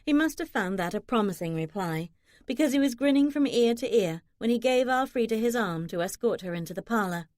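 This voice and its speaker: A woman narrating a romance audiobook in a steady, even reading style. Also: fairly high pitch, fairly quick, dry recording, clean studio sound. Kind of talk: scripted narration.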